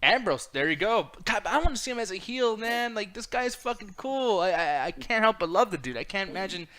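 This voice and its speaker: A fairly high-pitched man talks fast and loosely as a podcast co-host, laughing often and swearing freely. His voice is bright and his pitch swings widely as he gets worked up. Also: expressive. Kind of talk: casual profane wrestling chat.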